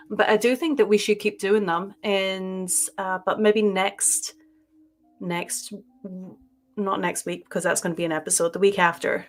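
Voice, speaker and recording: A woman co-hosting a paranormal podcast, chatting casually and rambling with many fillers and restarts. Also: medium pitch. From Southern California. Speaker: podcast co-host. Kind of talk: casual chat.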